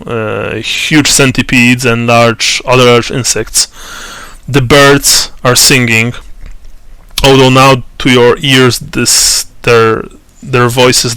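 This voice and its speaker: A man narrates a tabletop role-playing game as its game master, speaking slowly and haltingly, full of fillers and restarts. His voice is bright and crisp, and the recording is dry and close. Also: mid-range voice, dry recording.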